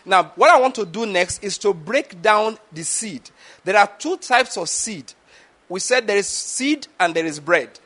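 A man's voice: sits high, lively intonation, unhurried, fairly bright tone. A man, preaching a teaching sermon and often checking that the listeners follow. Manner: asks the audience questions, repeats words. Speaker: pastor.

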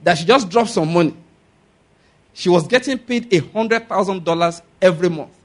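A man's voice: high voice, normal speed. A man preaching a sermon as a pastor, emphatic and often asking the congregation for an amen. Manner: emphatic, asks the congregation for amens.

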